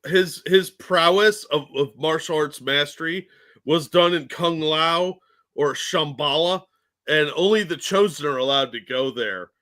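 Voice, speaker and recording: A man's voice: on the high side, a little slow, sharp tone. A man co-hosting a podcast in casual chat, mocking and nerdy, often laughing. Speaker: podcast co-host.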